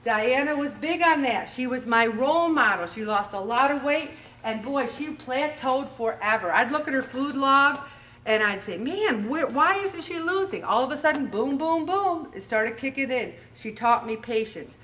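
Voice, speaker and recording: A woman in her forties hosting a motivational weight-loss talk, animated and acting out little scenes as she goes. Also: sits high, moderate pace, distant mic. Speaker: weight-loss show host.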